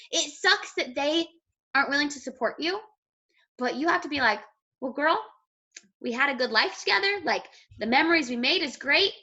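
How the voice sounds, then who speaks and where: High, bright-voiced woman coaching her team. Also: muffled recording. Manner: chatty, blunt, swears casually. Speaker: team leader. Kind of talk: motivational team call.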